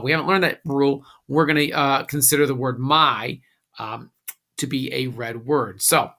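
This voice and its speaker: A man teaching a recorded classroom phonics lesson, giving slow, patient instructions with a few "uh"s. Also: medium pitch, gravelly, bright, forceful tone.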